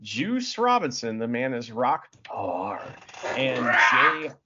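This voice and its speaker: A man's voice: medium pitch, huge pitch swings, slow, lo-fi sound, very noisy. A man co-hosting a podcast, rambling with many fillers and plenty of enthusiasm. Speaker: podcast co-host. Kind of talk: casual chat.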